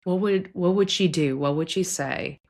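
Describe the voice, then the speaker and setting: Low-voiced woman therapist, gentle and reflective. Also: normal speed, vocal fry. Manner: gentle, reflective, often acts out clients' and parents' voices. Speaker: therapist and podcast host. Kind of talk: conversational psychology talk.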